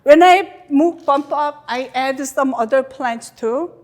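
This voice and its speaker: A woman from Korea with a Korean accent and a native Korean speaker, giving a chatty, animated guest lecture to a club, in English with non-native grammar. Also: sits high, slow. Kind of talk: lecture with slides.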